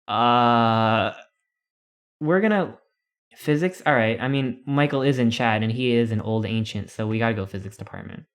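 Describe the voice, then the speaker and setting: A man's voice: medium pitch, moderate pace. A man streaming a text adventure, reading it aloud with playful, rambling asides.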